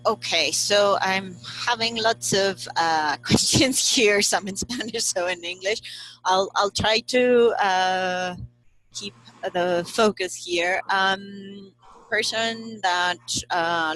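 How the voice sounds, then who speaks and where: A woman's voice: medium pitch, a bit bright, poor audio. A woman moderating a webinar, reading out audience questions with frequent fillers.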